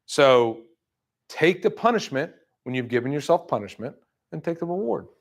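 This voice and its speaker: A man's voice: a little high, sing-song, vocal fry. Blunt, fired-up male sales trainer. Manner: blunt, fired-up, acts out excuses in quick asides. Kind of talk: motivational talk to a room. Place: room with an audience.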